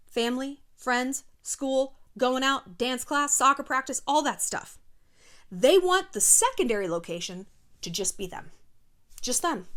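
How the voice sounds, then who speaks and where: A brash, sassy woman in her thirties talks straight to camera in a casual commentary, swearing freely and acting out quotes from other people. Her voice sits fairly high and swings widely in pitch, full of animation. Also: fairly bright tone. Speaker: YouTube host.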